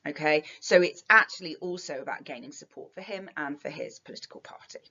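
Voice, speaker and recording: A woman's voice: deep voice, expressive, brisk, vocal fry, sharp tone, slightly rough, dull audio. A British woman teaching an English lesson, chatty, with lots of fillers, analysing a text for revision.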